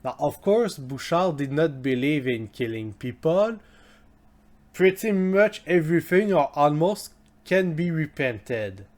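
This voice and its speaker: A man's voice: on the high side, big pitch swings, darkish tone. A man whose first language is French, hosting a history explainer in a casual spoken style and often restarting and correcting himself. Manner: slow and halting, many restarts and self-corrections. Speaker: history video host.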